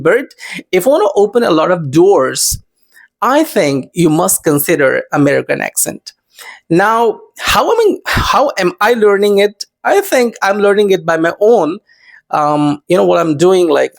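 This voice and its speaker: A man's voice: on the high side, creaky. A man with an Indian accent, an English teacher talking casually to his viewers, full of fillers like "I mean" and "you know". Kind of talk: casual vlog lesson.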